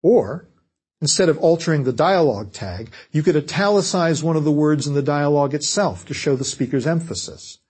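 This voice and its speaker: A man giving a measured, scripted lecture on writing fiction. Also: a little high, lively intonation, darkish tone, breathy edge. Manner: measured, explanatory delivery.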